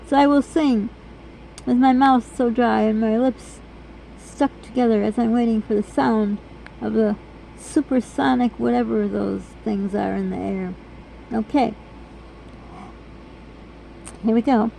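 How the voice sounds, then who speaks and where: A hoarse woman vlogging in an earnest, rambling, chatty way. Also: a little high, dark tone, a little hiss or hum, low-quality recording. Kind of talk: casual vlog chat.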